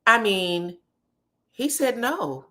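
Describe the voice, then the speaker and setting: A sassy woman talks straight to her live-stream chat, recapping a reality show in a loose, casual way. She swears freely and drops into quick impressions of the people she quotes. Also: on the high side. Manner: animated, sassy, profane, quotes people in put-on voices.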